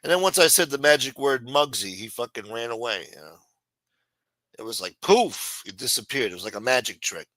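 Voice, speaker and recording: A man's voice: mid-range voice, lively intonation, fast talker, few pauses, sharp tone, no echo. A man hosting a casual late-night livestream, trash-talking a rival with profanity and greeting viewers in the chat by name. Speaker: livestream host.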